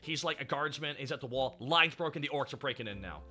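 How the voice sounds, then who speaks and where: A man hosting a live stream, chatting casually and telling stories in an excitable, animated way. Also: mid-range voice, fast. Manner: excitable, animated storytelling with swearing. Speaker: streamer host.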